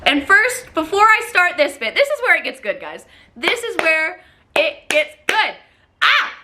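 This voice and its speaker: Woman, high bright voice, animated profane storytime vlogger. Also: measured pace. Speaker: vlogger telling a dating story. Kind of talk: storytime vlog.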